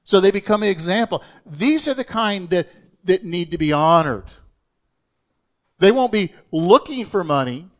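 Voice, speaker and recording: Earnest higher-voiced male preacher. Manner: earnest, emphatic preaching with slow scripture readings. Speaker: pastor. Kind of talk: sermon.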